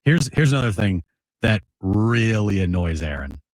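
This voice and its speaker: A man co-hosting a sports talk show, telling relaxed stories in casual chat. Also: lowish voice, normal speed, no room sound.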